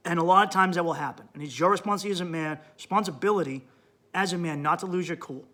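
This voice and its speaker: A man hosting a comedy podcast in a high, bright, sharp-edged voice. He delivers a crude, blunt monologue and acts out his own thoughts as he goes. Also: racing. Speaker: podcast host.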